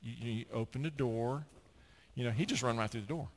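A man's voice: mid-range voice, brisk. A middle-aged American man preaching a sermon, telling stories and acting out the people he quotes. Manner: storytelling preacher, animated, acts out quotes. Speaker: pastor.

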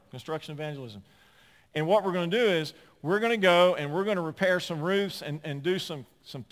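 An older male pastor preaches with a fairly high voice, building to loud emphatic points and then dropping to low, confiding asides. His voice rings with long reverb, as if he is recorded in a large sanctuary. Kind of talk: sermon.

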